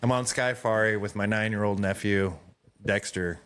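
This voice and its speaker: A young adult man co-hosting a casual podcast chat, telling animated stories and acting out other people's lines. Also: fairly low pitch, moderate pace, clear, resonant tone. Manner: animated storyteller, acts out quoted voices. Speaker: podcast co-host.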